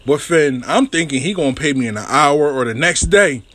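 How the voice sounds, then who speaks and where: A man hosting his own show who tells a story in a casual, profane, animated way and acts out the voices and sounds. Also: on the high side, normal speed. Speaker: show host.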